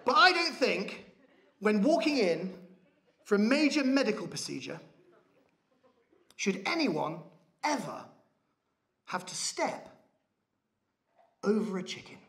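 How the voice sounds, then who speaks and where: A man performing a stand-up comedy set on a theatre stage, telling a story with animated, shouted rants. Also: high-pitched, takes it slowly, long pauses. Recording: live theatre, audience laughter. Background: audience laughing.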